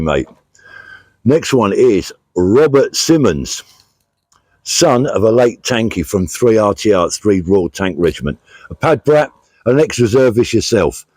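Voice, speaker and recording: This middle-aged British vlog host is on a country walk for charity, chatting casually and plainly and reading donor thank-yous, with plenty of fillers. His fairly low voice has a darkish tone. There's no room sound.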